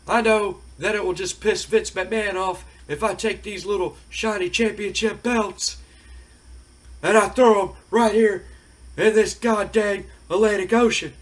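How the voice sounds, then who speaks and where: Guy doing a brash wrestler, way higher and louder than his normal voice, drawly taunting. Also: steady tone, unhurried. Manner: loud, drawling taunts with stammers. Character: gruff brash male wrestler, taunting and defiant.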